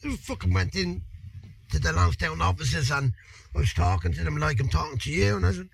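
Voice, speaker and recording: Dublin guy in his 50s telling a story, husky, gravelly, swears a lot. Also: a little high, fairly quick, poor audio. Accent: Irish, Dublin. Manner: animated, swearing, colloquial. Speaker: interview guest. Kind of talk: anecdotal storytelling.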